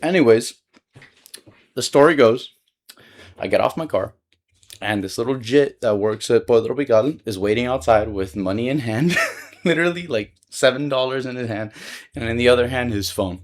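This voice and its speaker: A man's voice: medium pitch, animated, normal speed, long pauses. A young man telling a personal story in a casual vlog, rambling and slangy, filling his talk with "like" and swearing freely.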